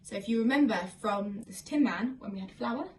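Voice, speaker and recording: A woman's voice: fairly high pitch, fairly quick, recorded from a distance, low-quality recording. A woman teaching a song with signs, explaining each sign step by step in a friendly way while filming herself on a phone at home. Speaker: singing and signing teacher. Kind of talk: online sign-and-sing lesson. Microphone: phone camera.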